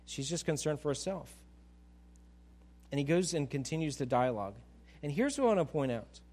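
High-voiced pastor preaching conversationally. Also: male voice, fairly quick, long pauses. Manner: animated, repeats words when restarting. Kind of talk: conversational sermon.

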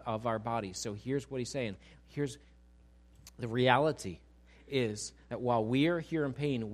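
A man preaching a sermon, asking the congregation questions and building to emphatic peaks. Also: medium pitch. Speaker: pastor.

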